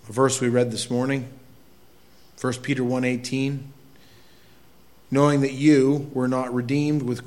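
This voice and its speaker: A man's voice: mid-range voice, a little mellow. A middle-aged man preaching a sermon as pastor, talking casually with the congregation, asking them questions, and reading scripture aloud with growing intensity.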